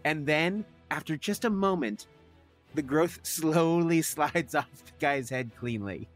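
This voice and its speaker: Male player, slightly high voice, eager, faint music. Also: a little slow. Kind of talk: playing a tabletop game.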